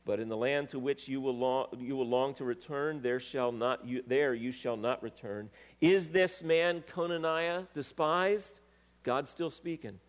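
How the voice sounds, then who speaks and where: A man preaching a sermon, reading scripture aloud with rising emphasis and pausing to correct himself. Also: mid-range voice, fairly even intonation. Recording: long reverb of a large hall.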